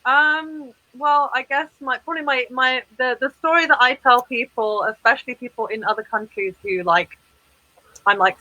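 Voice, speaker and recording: A woman's voice: fairly high pitch, steady tone, normal speed, bright, forceful tone, no room sound, rough recording. A woman performance artist chatting as an interview guest, with lots of fillers and restarts. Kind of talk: casual interview chat.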